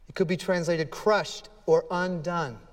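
A man's voice: high voice, steady tone, unhurried, long reverb tail. A man preaching a sermon as pastor, earnest and emphatic, acting out scripture dialogue with feeling.

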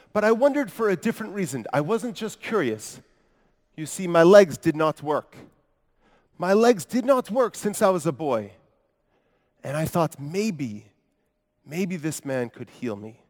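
A man's voice: a little high, big pitch swings, unhurried, long pauses. A man preaching a first-person dramatic monologue as a paralyzed grown man from Capernaum, earnest and wry, telling his story with asides to the congregation. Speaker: preacher in character. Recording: long hall reverb.

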